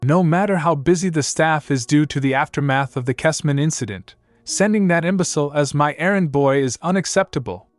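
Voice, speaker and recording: A man's voice: a little high, a little fast, hardly any pauses, no echo, faint music behind, voice pushed up, lightly acted. A man voicing a vain, petty young king who blusters indignantly, in a comic recap story. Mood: furious.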